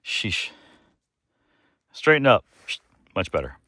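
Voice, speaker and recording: A man's voice: on the low side, big pitch swings, slow, sharp tone, husky, no echo, studio quality. Wry, short-winded man talking to himself. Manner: wry, joking, talks to himself. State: short of breath. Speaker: DIY builder vlogger. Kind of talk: casual self-narration while working. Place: outdoors on a wooded slope.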